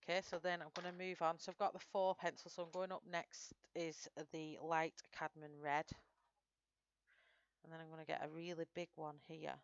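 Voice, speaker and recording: A woman's voice: low-pitched, level tone, normal speed, clear, resonant tone, highs cut off. A woman with a Northern English accent, chatting through a live colouring tutorial and answering viewers' comments as she works. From Northern England. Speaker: streamer.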